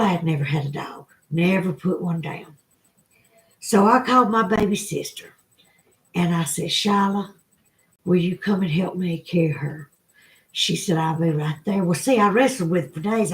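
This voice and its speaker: A middle-aged woman with a Southern accent, chatting to her livestream viewers and telling an emotional personal story. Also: lowish voice. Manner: emotional storytelling, tearful at times. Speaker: livestream host. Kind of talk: casual chat to viewers.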